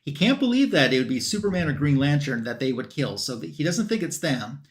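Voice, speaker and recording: A man's voice: a little high, expressive, fairly quick. A man hosting a comic book panel stream, recapping a story in loose, rambling casual chat with lots of fillers. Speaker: host of a comic book review show.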